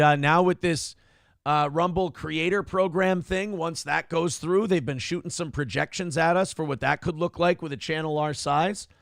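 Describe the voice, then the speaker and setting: A male live-stream host talks casually and profanely, reading out viewer comments and riffing on them. His voice sits high and carries a gravelly fry, recorded close and dry. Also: no echo. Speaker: talk show host.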